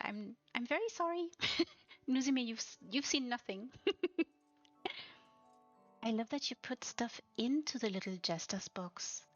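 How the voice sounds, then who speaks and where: A woman with a fairly high voice leads a very slow, gushing tour of player-built homes, trailing into soft breathy whispers and little giggles. The sound is slightly dull and lo-fi, with faint music playing underneath. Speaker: streamer touring player houses. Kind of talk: slow, gushing live-stream house tour.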